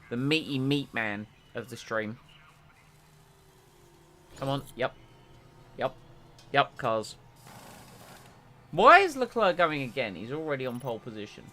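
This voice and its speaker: In a mid-range voice, this streamer rambles and cracks jokes while casually narrating his racing game, growing excited when the race kicks off.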